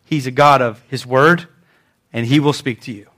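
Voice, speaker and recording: A man preaching a sermon as pastor, animated, swinging between loud and soft, acting out quotes. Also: medium pitch, moderate pace.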